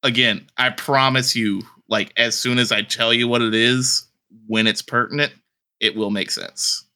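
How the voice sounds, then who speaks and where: A man's voice: medium pitch, fairly even intonation, unhurried, bright, forceful tone. A man running a tabletop game, speaking in a teasing, secretive way. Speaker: game master. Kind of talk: casual tabletop game chat.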